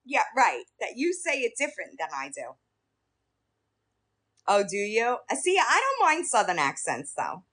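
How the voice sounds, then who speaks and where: Woman, New York accent, live-stream chat, bright sharp tone, lively swooping pitch. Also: a little slow. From Staten Island, New York. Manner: talks straight to chat, lively, laughs often.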